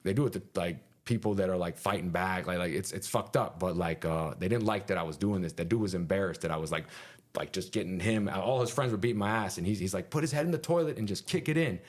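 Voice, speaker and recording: A man in a casual interview, telling a story with animated energy, lots of fillers and punchy "boom" sound effects, and casual swearing. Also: quick pace. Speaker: interview guest.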